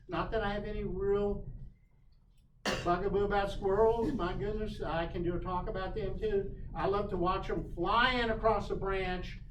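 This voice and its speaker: A man giving a casual class on backyard birds in a shop classroom, folksy and animated, putting on playful voices for the birds. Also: high voice. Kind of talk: casual lecture. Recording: roomy, distant mic, noisy.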